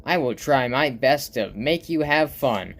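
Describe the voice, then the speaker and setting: A man with a raspy voice voicing an energetic, always-happy male stick figure from a homemade comic. He reads the lines loudly and goofily. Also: mid-range voice, unhurried. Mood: excited. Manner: loud, excited, goofy.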